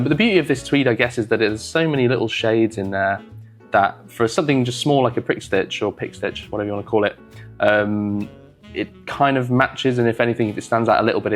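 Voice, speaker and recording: Rambling wry man, low voice. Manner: rambling, wry, full of fillers and self-deprecating asides. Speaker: sewing vlogger. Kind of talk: casual talk to camera while sewing.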